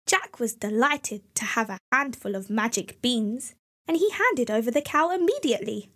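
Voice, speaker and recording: A woman narrating a fairy tale in a slow, clear, expressive storybook style. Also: a little high.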